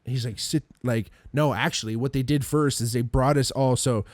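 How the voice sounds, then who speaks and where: Male podcast guest, animated storyteller, mid pitch, dry close sound. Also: moderate pace, no room sound. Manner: animated storyteller, acts out quotes, swears a lot, laughs often. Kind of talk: casual storytelling.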